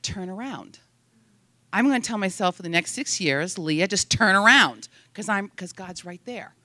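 A woman's voice: on the low side, dry recording. A woman sharing a devotional thought in a casual, rambling way, often laughing. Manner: giggly, rambling, lively.

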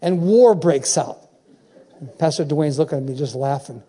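Older male preacher, high mellow voice. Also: animated, normal speed. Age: 70s. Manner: emphatic, repeats phrases and calls out to the congregation. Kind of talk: sermon.

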